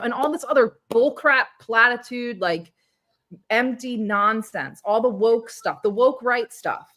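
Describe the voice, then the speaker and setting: A woman's voice: on the high side, a little slow, a bit bright. A woman co-hosting a political livestream, talking in an exasperated, sarcastic way and laughing often. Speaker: co-host.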